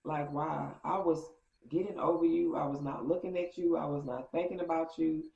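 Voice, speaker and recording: A woman vlogger telling a story in a casual, animated way, acting out quotes with big jumps in pitch. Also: moderate pace, creaky, roomy sound, highs cut off.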